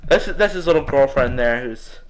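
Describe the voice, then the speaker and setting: A woman's voice: a bass voice, animated, normal speed, slight background noise. Ranting, sarcastic woman on a mic. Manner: sarcastic, exasperated, swearing, shouting. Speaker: video host. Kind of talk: ranting gameplay commentary. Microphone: computer microphone.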